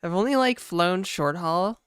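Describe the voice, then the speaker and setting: Woman streamer, low-pitched, unhurried delivery, casual chat with viewers, dry close sound. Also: animated, smooth, no echo. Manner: laid-back, chatty, full of "like" and "dude", laughing often. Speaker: game developer streamer.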